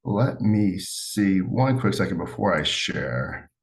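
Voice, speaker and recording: A man's voice: low voice, lively intonation, takes it slowly, gravelly. A man hosting an online class, casually thinking aloud as he sets up the meeting. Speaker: meeting host.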